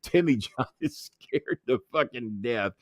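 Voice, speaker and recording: A man's voice: medium pitch, animated, a little slow, no room sound, studio quality. A middle-aged man, telling profane wrestling stories in an interview, acting out voices and laughing as he goes. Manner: swears freely, acts out others' voices, laughs mid-story. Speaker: wrestling manager and commentator guest.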